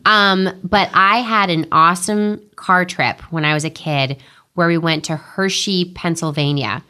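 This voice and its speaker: A woman's voice: lowish voice, a little slow, bright, forceful tone, clean tone. A woman from New York's suburbs, an actress answering interview questions in a chatty, candid, self-deprecating way. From Westchester, New York. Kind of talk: casual interview chat.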